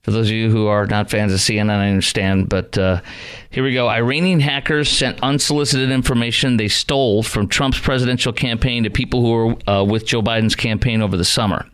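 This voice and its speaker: Sarcastic, smooth-voiced male radio host. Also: lowish voice, steady tone, fairly quick, fairly bright tone. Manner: sarcastic, rambling with frequent restarts. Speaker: radio talk show host. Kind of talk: talk radio monologue.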